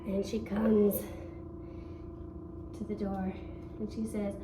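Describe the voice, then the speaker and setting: A woman's voice: medium pitch, flat delivery, takes it slowly, pauses often, noisy background. A woman teacher telling a story to young children with animation, stopping often to ask them questions. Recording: roomy, distant from the mic.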